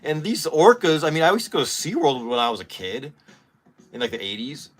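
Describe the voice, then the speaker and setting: A man in his forties hosting a casual vlog. He talks in an excitable, rambling way and swears often. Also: on the high side, brisk. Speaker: channel host.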